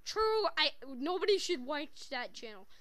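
A woman's voice: sits high, big pitch swings, measured pace, fairly bright tone, dry recording. A woman chatting casually and rambling to viewers in a comedy toy video. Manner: rambling, bickering. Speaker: video creator.

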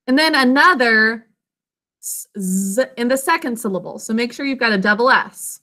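A woman teaching young children a phonics lesson, patient and encouraging as she sounds out words slowly. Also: fairly high pitch, animated, pushed and bright.

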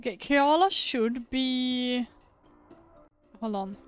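A woman's voice: high-pitched, slow pace, clean tone, soft background music. A woman streamer giving casual, chatty gameplay commentary, giggling and poking fun at herself. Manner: chatty, giggly, self-mocking.

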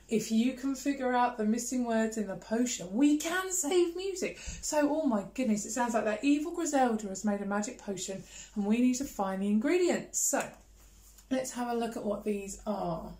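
A woman music teacher with a British accent leading a children's rhythm lesson, chanting words slowly with gasps and playful disgust. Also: fairly high pitch, roomy sound. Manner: animated storytelling, gasps and exaggerated disgust.

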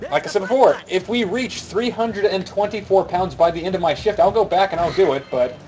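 A man's voice: sits high, brisk, a little mellow, poor audio. A young man streaming a video game, chatting casually and joking around, now and then slipping into a mock Scottish accent. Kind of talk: casual gaming stream chat.

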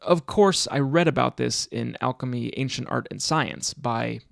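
A man's voice: medium pitch, normal speed, vocal fry, dry recording, clean studio sound. A man reading the lines of a bookish, know-it-all schoolgirl witch from a draft passage, barely changing his voice.

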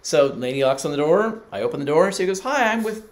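A man's voice: a little high, lively intonation, quick pace, a little mellow, a little hiss or hum. A middle-aged man preaching, telling a personal story and acting out the people he quotes. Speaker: pastor. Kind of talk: sermon.

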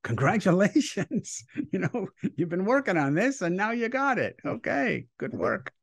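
A man's voice: high-pitched, big pitch swings, moderate pace, creaky, no room sound, pitched above the performer's own voice, full character voice. A man voicing a cheerful spiritual teacher who congratulates a student in a playful, exaggerated way.

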